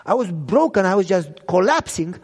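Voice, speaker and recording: A young man who speaks English as a second language, preaching an emotional sermon testimony and swinging from loud cries to hushed low lines. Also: big pitch swings, normal speed, slightly rough. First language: not English. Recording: echoey hall reverb.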